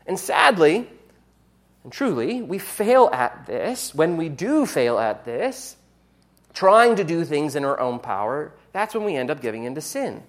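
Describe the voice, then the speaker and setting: An earnest preacher talks the listeners through a sermon, with a voice that rises and falls a great deal. The delivery is plain and teacherly, with now and then a quick self-correction mid-sentence. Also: medium pitch, sing-song.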